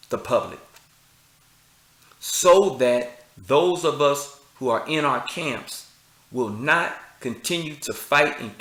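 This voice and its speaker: A man's voice: medium pitch, pushed and bright, echoey room. A man, speaking preachy and confrontational, firing rhetorical questions and street slang. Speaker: commentator. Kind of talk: impassioned address to camera.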